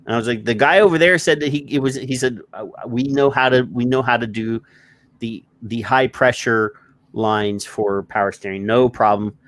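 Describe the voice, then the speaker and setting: A man's voice: medium pitch, moderate pace, no room sound. A man telling a story in casual podcast chat, acting out what people said and swearing when annoyed. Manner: animated storyteller, acts out quotes, swears. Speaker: co-host.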